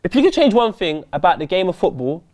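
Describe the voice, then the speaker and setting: Laid-back young man, very animated pitch. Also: quick pace. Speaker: co-host. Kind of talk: casual chat. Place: studio in London.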